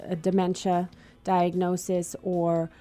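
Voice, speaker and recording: A woman's voice: on the low side, monotone, takes it slowly, mellow. A woman with a Boston accent hosting a radio interview show in a friendly, chatty way.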